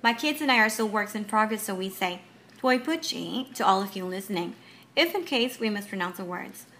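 A mother giving a home lesson on Mandarin tones, explaining slowly and drawing out each example syllable. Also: medium pitch, expressive, fairly bright tone, slight background noise. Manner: slow, careful explanations with drawn-out example syllables. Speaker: parent teaching Mandarin tones.

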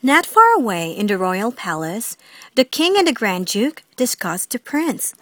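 A woman reading a fairy tale aloud as the storyteller, expressive and sing-song. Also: a little high, measured pace, no echo, clean studio sound.

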